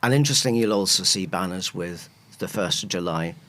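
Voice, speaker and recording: A man's voice: sits low, brisk, a bit bright. A man, a historian guest explaining history with enthusiastic, rambling asides. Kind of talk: casual chat, explaining history.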